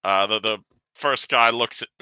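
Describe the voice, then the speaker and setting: A man's voice: medium pitch, normal speed, sharp tone, clean tone, no echo, poor audio. A man narrating a tabletop game as game master, rambling with fillers and restarts.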